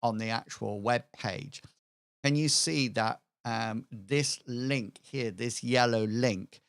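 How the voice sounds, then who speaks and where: A man's voice: mid-range voice, takes it slowly, gravelly, dry recording. A man on a livestream planning a tabletop campaign, talking hesitantly as he brainstorms ideas. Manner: hesitant, full of fillers and restarts while brainstorming. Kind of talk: thinking-aloud worldbuilding livestream.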